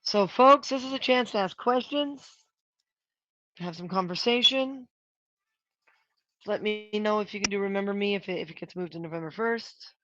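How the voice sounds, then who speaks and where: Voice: mid-range voice, moderate pace, pauses often, a bit bright, no echo, dull audio. A prop maker hosting a casual livestream, rambling and thinking aloud while working and tallying material costs.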